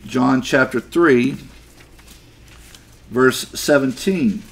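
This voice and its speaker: A man's voice: medium pitch, extremely slow. A man teaching a Bible class, explaining Greek words and repeating key phrases for emphasis.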